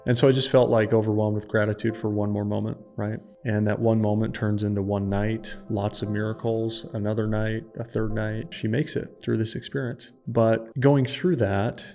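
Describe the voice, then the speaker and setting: A man's voice: on the low side, flat delivery, normal speed, hardly any pauses, dark tone, soft background music. A man in his thirties, a podcast guest and founder, telling a personal story in an earnest, emphatic way.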